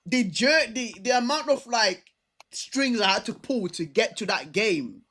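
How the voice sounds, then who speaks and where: A young man chats about football on a livestream. His voice sits high, and he rants animatedly with lots of repeated words. He sounds stubborn and keen to defend himself. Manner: animated, stubborn, fast ranting with many repeats. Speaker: livestream football show host. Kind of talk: casual football chat.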